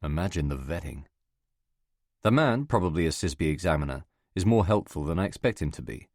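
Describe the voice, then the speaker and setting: A man giving measured, scripted first-person narration of a novel for an audiobook. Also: low-pitched, lively intonation, no echo, studio quality.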